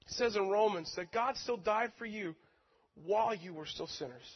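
High-voiced man preaching in an echoing hall. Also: moderate pace, breathy edge. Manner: earnest, emotional, self-deprecating storytelling. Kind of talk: sermon with personal story. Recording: dull sound with long hall reverb.

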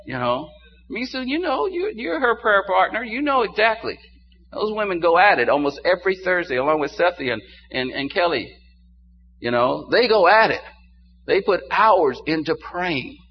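An older man preaching a sermon to his congregation, dropping low and quiet and then rising into loud exclamations. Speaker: pastor. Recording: dull muffled sound with faint hum.

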